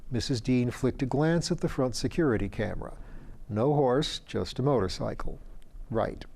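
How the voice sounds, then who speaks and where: A man reading a fantasy story aloud in a measured, dryly wry narration. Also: mid-range voice, gravelly, darkish tone. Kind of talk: audiobook narration.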